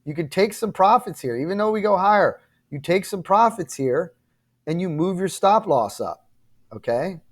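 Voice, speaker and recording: A man's voice: high voice, lively intonation, moderate pace. A man hosting a trading channel, talking viewers through charts in a casual, emphatic way, often checking in with "okay?" and "right?". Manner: emphatic, repetitive, addresses viewers directly with frequent "okay?" and "right?"; apologetic and frustrated at times. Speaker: crypto trading channel host.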